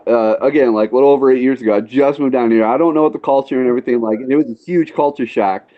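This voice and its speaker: A man's voice: mid-range voice, rapid-fire. A man with a Northern US accent, telling a rambling story in casual podcast chat. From northern Illinois. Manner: rambling, tangent-prone storyteller. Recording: dull lo-fi sound.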